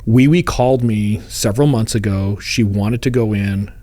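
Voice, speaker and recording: A man's voice: lowish voice, normal speed, mellow, no echo. A man co-hosting a true-crime podcast, retelling a case in a casual, joking way and slipping into voices for the people involved. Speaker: podcast co-host.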